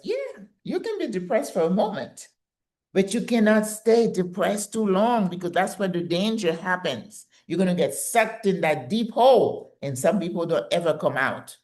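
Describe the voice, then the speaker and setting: A woman's voice: on the low side, a little mellow. Emphatic older woman giving advice. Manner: emphatic and direct, coaching tone. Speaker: channel host giving advice. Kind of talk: motivational advice talk.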